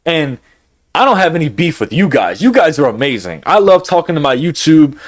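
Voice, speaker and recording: A young man talks straight to camera in a raw, emotional vlog. His fairly high voice swings widely, climbing when he gets heated and sinking low when he holds back tears. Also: very animated, a little fast. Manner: emotional, repetitive, swings between heated and subdued. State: close to tears. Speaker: YouTuber.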